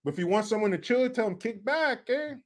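A man putting on a brash, teasing Chicano homeboy from Central California with a Chicano English accent and drawn-out, taunting slang. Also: sits high, lively intonation.

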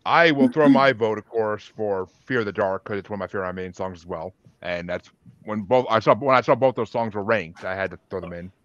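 A man's voice: lowish voice, fast, fairly bright tone, no echo. A man hosting a podcast in casual group chat, running a bracket vote and teasing his guests with crude jokes. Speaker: podcast host. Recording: dull lo-fi call audio.

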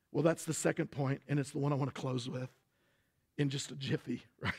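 A man's voice: mid-range voice, steady tone, normal speed, vocal fry, pauses often, darkish tone, breathy edge. A man with a Texan accent preaching a sermon as pastor, emphatic and full of rhetorical questions.

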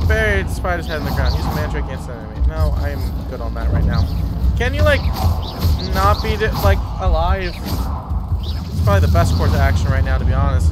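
A young man commenting on his own gameplay, grumbling in a sarcastic, exasperated way. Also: on the high side. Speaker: gaming streamer. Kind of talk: let's-play commentary. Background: game music.

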